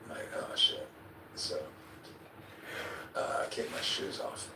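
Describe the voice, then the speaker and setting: A man being interviewed, telling a vivid story in a casual way, acting out his own quotes and now and then swearing or chuckling. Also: a little slow. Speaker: interview guest. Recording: echoey, distant, noisy replayed clip.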